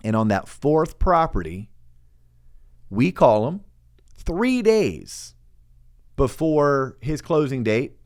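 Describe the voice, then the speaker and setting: A middle-aged man tells a story on his podcast in a relaxed chat, throwing himself into the quoted lines. His pitch sits in the middle range, and he often stumbles over the first words before the sentence finds its feet. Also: slow pace, pauses often. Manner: animated, acts out quoted voices, stammering restarts. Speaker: podcast host and loan officer.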